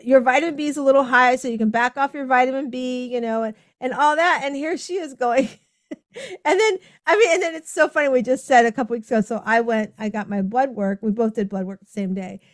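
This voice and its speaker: A woman hosting a podcast conversation, animated as she tells stories and acts out the people she quotes. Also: high voice, brisk, no room sound, clean studio sound. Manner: animated storytelling, acting out quoted dialogue with laughs. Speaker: podcast host. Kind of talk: casual conversation.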